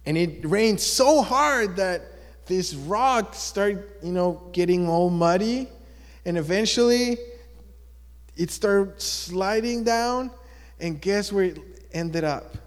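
A man tells a story slowly and animatedly, his voice somewhat high and rising and falling widely. He speaks in a big hall whose long echo trails after every phrase. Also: expressive. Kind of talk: telling a story to listeners.

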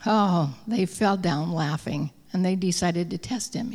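Slow, whispery woman storyteller in a hall. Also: fairly low pitch. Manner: slow, drawn-out reading that drops often to a soft whisper. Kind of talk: read-aloud storytelling.

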